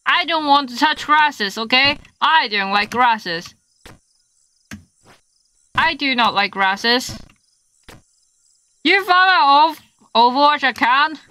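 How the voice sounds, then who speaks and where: Her voice sits high and sounds pushed and bright, animated but slow with frequent pauses. This young woman chats through a live game stream, cursing in frustration and giving playful yelps.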